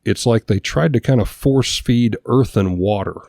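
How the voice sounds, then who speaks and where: Male podcast co-host, low mellow voice, dry close sound, casual reading from notes. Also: moderate pace, vocal fry, dry recording. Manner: reads notes aloud, stumbles over names.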